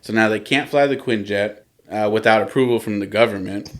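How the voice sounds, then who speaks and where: Low-voiced man laughing through a recap. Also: a little fast. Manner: chuckles often while retelling. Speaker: podcast host. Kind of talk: casual comic book recap.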